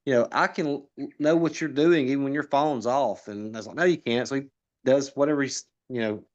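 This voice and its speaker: A man's voice: medium pitch, steady tone, brisk, a little mellow, muffled recording. A man chatting casually on a podcast, telling rambling stories with lots of restarts and laughing at his own punchlines. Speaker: political candidate guest.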